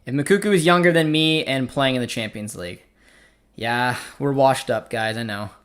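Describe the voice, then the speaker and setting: A young Canadian man with a Canadian accent hosts a live football watchalong, chatting casually, reading the chat aloud and reacting to the match. His mid-range voice is a bit bright and moves at a normal speed.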